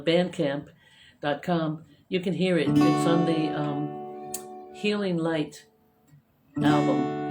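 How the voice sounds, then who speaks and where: A woman singer-songwriter chatting casually between songs on a home live stream, rambling with plenty of ums and uhs. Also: sits low. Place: home living room. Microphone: guitar plugged in and a live-stream microphone. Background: her own acoustic guitar playing loudly.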